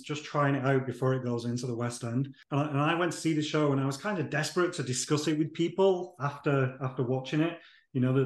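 A man talks as a podcast guest, laying things out in a relaxed, explanatory way with the odd restart. His voice sits at an ordinary middle pitch. The recording has a roomy echo around it. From United Kingdom. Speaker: guest, fan community founder. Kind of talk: casual interview answers. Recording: echoey room sound.

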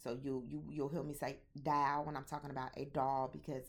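Her voice rumbles low and sounds slightly rough as she talks at a quick pace. This young vlogger, whose accent mixes Southern and Midwestern American, addresses viewers directly with a frank, lively personal story full of swearing.

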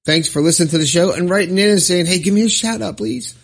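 A man hosting his own podcast, cheerful and encouraging as he gives shout-outs and reads listener letters. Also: high voice, quick pace, vocal fry, breathy edge. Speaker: podcast host. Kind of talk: upbeat solo podcast talk.

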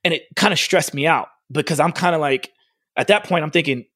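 A man's voice: a little high, a little fast, dry recording. A man who runs a fitness studio tells a personal story casually, with lots of "like" and acted-out dialogue. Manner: animated, acts out quoted dialogue, frequent "like". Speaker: fitness studio owner and trainer.

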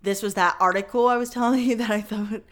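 A woman's voice: mid-range voice, fairly even intonation, quick pace. A woman hosting a podcast, telling a story in casual chat with lots of fillers and some swearing. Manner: chatty, many fillers, swears. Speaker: podcast host.

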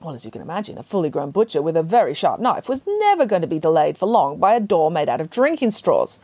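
A woman reads a children's storybook aloud in a playful, expressive way. Her pitch rises and falls freely, and her voice has a soft, breathy texture. She sounds close to the mic, with no room echo. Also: fast, few pauses. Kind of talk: storybook narration.

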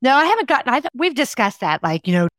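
A woman's voice: fairly high pitch, sing-song, fast, a bit bright, dry recording, clean studio sound. A woman author being interviewed as a guest, who speaks in an enthusiastic, emphatic and down-to-earth way. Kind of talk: conversational interview.

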